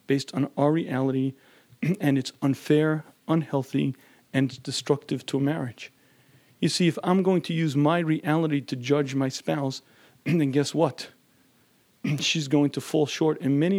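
A man lecturing on marriage who often clears his throat and acts out the people in his stories. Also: fairly high pitch, a little mellow. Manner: frequent throat-clearing, acts out quoted voices. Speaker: marriage teacher.

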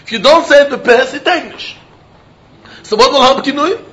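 High-voiced man giving a Talmud class. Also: normal speed, sharp tone. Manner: Yiddish-laced English, chanting question-and-answer. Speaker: Talmud teacher. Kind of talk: Talmud lecture.

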